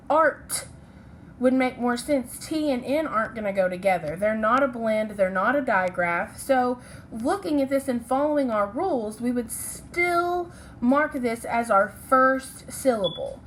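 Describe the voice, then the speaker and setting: Slow, patient woman teaching phonics. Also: a little high, expressive, slight background noise, rough recording. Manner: patient, checks in with "okay?" and "right?"; apologizes for slips and corrects herself. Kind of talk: recorded phonics lesson for children.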